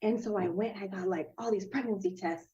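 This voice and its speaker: A woman in her thirties, a podcast guest, telling a personal story in a casual, animated way, acting out quoted voices and laughing often. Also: medium pitch, a little fast, lo-fi sound, a crowd in the background.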